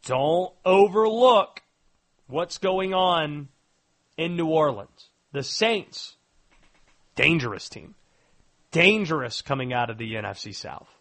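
A man hosting a sports talk radio show, punchy and lively. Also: high voice.

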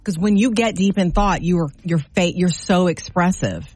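A woman's voice: fairly low pitch, moderate pace, dry recording. A middle-aged woman co-hosting a morning radio show, telling stories with lots of laughter in casual banter. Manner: animated storytelling, laughs often.

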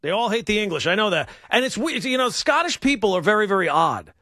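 Animated, wry male radio host. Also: high voice, fast talker, dry recording, clean studio sound. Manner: rambling, wry and riffing. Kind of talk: casual talk radio monologue.

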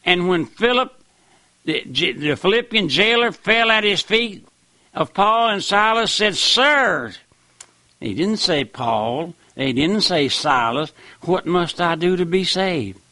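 A man's voice: high voice, animated, slow, bright, forceful tone, dry recording. A man preaching a fervent radio sermon, emphatic and dogmatic, who keeps calling listeners his friend.

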